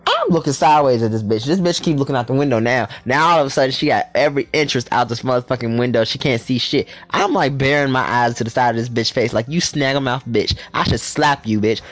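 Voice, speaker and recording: A man's voice: mid-range voice, quick pace, few pauses. A young man telling a story in a casual vlog, sassy and profane, with lots of energy.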